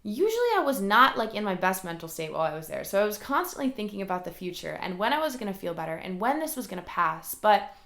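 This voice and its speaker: A woman's voice: mid-range voice, very animated, fast, a bit bright, reverberant. A woman hosting a solo motivational podcast from her room at home, talking earnestly and rambling, with lots of "like" fillers. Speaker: podcast host. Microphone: recorded alongside a camera.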